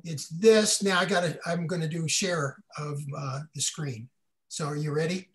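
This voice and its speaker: A man's voice: a little high, moderate pace, fairly bright tone. An older man, a guest speaker, answering questions in a casual, folksy way on a video call, often correcting himself mid-sentence.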